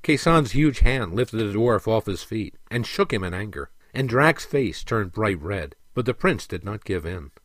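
A man narrating a storybook in an expressive, dramatic reading. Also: lowish voice, unhurried, few pauses, no echo.

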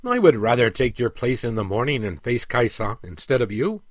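A man's voice: mid-range voice, very animated, moderate pace, dry recording. A man voicing a worried dwarf prince who speaks earnestly and pleadingly. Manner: pleading, earnest, a little raised. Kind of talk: audiobook character reading.

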